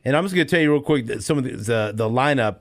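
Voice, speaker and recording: A man co-hosting a podcast, reading out old box scores and reacting with profane excitement. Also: medium pitch, fast talker. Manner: excitable, profane, reads out stats. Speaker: podcast co-host. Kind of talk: casual chat.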